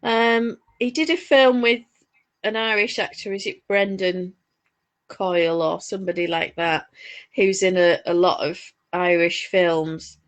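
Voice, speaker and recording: A woman's voice: on the low side, fairly even intonation, measured pace. A woman with a Northern English accent, co-hosting a knitting chat, telling stories with rambling asides. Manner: chatty storyteller, rambling asides. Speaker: podcast co-host. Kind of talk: casual chat while knitting.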